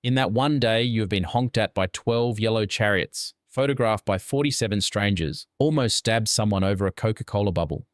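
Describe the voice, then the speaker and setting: A man tells a scripted second-person story in a steady, deadpan delivery. His voice sits somewhat low. The recording is close and dry, with no room sound. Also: normal speed, hardly any pauses, dry recording. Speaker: narrator.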